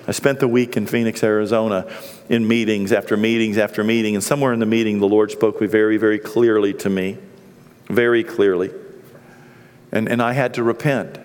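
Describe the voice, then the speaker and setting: A middle-aged man preaching a sermon as pastor, swinging from hushed, quiet stretches to loud, impassioned peaks. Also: lowish voice, level tone, brisk, clean tone. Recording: long reverb of a large hall.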